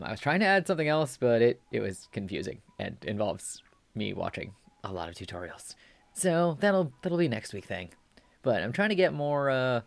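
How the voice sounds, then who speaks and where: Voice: mid-range voice, gravelly, no room sound. 抑揚豊かにしゃべる配信者。気さくで、言い直しが多く、自分に笑いながらとりとめなく話す。デスクマイクで近く乾いた音。. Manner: rambling, self-deprecating, giggly. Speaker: streamer. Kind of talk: casual stream chat.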